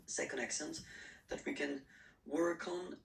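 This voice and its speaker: A man's voice: on the high side, fairly even intonation, measured pace, gravelly. A man teaching a beginner French lesson, talking patiently and checking in with "okay?" after nearly every phrase. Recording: roomy echo, mic at a distance.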